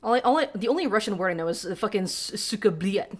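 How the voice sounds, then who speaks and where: A woman's voice: mid-range voice, lively intonation, very fast. Woman streamer, casual and profane. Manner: casual, profane, self-deprecating. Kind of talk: casual gameplay commentary, reading game text aloud.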